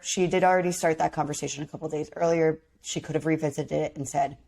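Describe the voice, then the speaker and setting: A deep, creaky female voice races along with hardly any pauses. She's co-hosting a podcast and recapping a reality show, chatting casually and emphatically while acting out other people's quotes.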